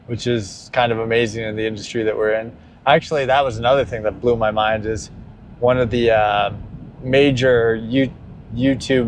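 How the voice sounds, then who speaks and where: Man talking candidly in a car. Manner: candid and rambling, breaking into high exaggerated quotes. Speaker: vlogger. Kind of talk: casual spoken monologue. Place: inside a car while driving. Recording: car recording with faint road noise. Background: faint vehicle noise.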